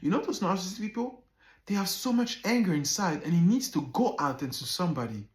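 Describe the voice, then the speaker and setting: A man vlogging a personal story in a casual, animated way, swearing often and acting out the dialogue. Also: high-pitched, fast talker, reverberant.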